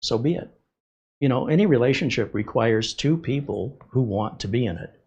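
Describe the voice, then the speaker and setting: A man's voice: medium pitch, expressive, moderate pace, a little mellow, husky, dull audio. A middle-aged man hosting a livestream, candidly telling a personal story in casual talk. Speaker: host. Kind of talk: livestream chat.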